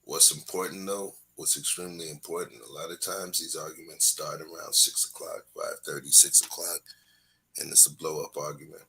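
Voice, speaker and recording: A man's voice: very deep voice, level tone, moderate pace, creaky, bright, forceful tone, slight background noise. A man hosting a casual talk show, telling stories with slang in a laid-back, preachy way. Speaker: host.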